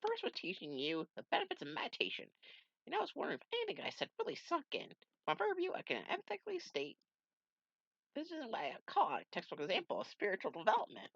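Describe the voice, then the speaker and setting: A man doing a squeaky old wise mentor. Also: huge pitch swings, fast, vocal fry, a bit bright, husky, no echo, full character voice. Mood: lofty. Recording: dull lo-fi dry recording.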